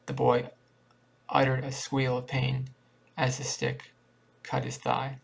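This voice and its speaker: A man reading a short story aloud in a plain, steady way with small restarts. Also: medium pitch, slow, long pauses. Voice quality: creaky. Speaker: reader.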